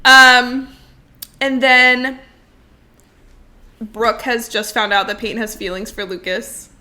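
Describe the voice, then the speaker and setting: A young woman with a slightly high voice chats excitedly on a podcast, laughing often and swearing freely as she acts out scenes. Her talk is loose and fast-moving. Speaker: podcast co-host. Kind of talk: casual chat recapping a TV show.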